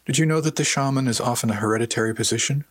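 A man voicing a gentle, wounded woman who speaks softly and hesitantly in an audiobook. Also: medium pitch, rapid-fire, no echo, clean studio sound, voice pushed up, close to an everyday voice. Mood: subdued. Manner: soft, hesitant, quietly defensive. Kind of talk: audiobook character voice.

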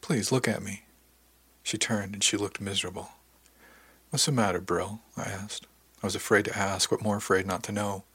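A man reading a first-person story aloud in a calm, storytelling manner, lightly varying his voice for the characters. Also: lowish voice, normal speed, breathy edge. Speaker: audiobook narrator. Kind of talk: first-person audiobook narration.

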